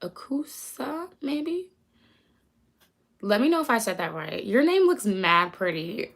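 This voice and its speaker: A woman's voice: medium pitch, very animated, normal speed, creaky, fairly bright tone. A young American woman hosting a casual livestream, chatty and easily sidetracked, reading her chat aloud and hyping her friends. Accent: American English. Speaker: livestream host.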